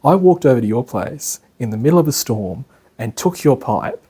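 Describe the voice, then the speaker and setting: A man voicing a rational father who patiently reasons in a husky voice. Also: mid-range voice, big pitch swings, normal speed, warm tone. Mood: reasoning. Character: calm rational middle-aged father.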